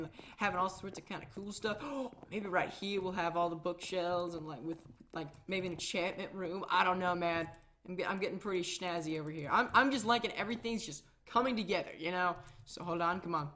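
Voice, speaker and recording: A woman's voice: on the low side, fairly quick, fairly bright tone, slight background noise. A woman hosting a casual gameplay video, chatting in a rambling, self-mocking way. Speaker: Minecraft let's-play host.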